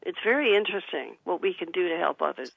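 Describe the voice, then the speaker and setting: A woman's voice: lowish voice, lively intonation, fast, creaky, no room sound, narrow, tinny audio. A woman who is an author, giving earnest advice as a guest in a radio interview. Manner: earnest, advising, gives listeners example phrases. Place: studio.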